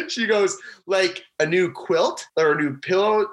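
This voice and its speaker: Speaking slowly in a high-pitched voice, a young man who played hockey in college tells a prank story during a casual interview. He acts out his friends' voices with animation, though the audio is poor.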